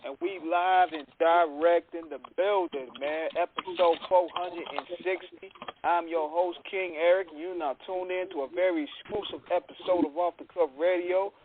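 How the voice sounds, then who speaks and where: Host, high male voice, upbeat announcer, phone-line hiss. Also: steady tone, normal speed. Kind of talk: radio show intro.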